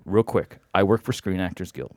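A man telling a long anecdote on a podcast, animated and acting out the other people's voices. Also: low voice, normal speed, dry recording, studio quality. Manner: animated, acts out quoted voices. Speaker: podcast guest. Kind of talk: storytelling anecdote.

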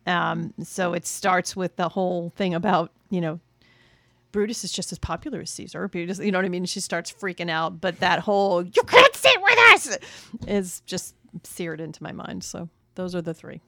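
A woman co-hosting a casual movie review chat, relaxed and hesitant with frequent ums. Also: fairly low pitch, normal speed, vocal fry, no room sound. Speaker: podcast co-host.

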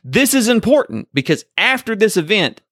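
A man co-hosting a podcast, telling a story in an animated, laughing way, chatting casually with callers. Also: high-pitched, normal speed, no room sound, studio quality. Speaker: podcast co-host.

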